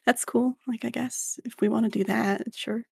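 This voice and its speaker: A woman voicing a laid-back tabletop game character who speaks slowly and calmly. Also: a little high, vocal fry, breathy edge, dry recording, clean studio sound, exaggerated voice. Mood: mellow. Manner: slow, calm, drawling.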